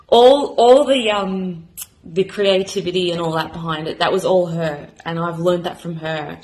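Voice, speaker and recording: A woman in her thirties with an Australian accent, speaking in a rather low voice. She introduces herself to camera as a new beauty vlogger in a rambling, halting way, full of fillers and restarts. She sounds emotional, close to tears. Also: rough recording. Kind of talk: casual heartfelt self-introduction to camera.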